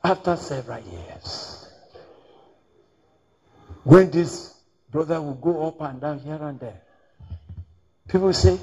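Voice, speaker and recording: A man's voice: fairly high pitch, slow pace, long pauses, dark tone, slightly rough, highs cut off. A man preaching a storytelling sermon, acting out dialogue and repeating key phrases. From Nigeria.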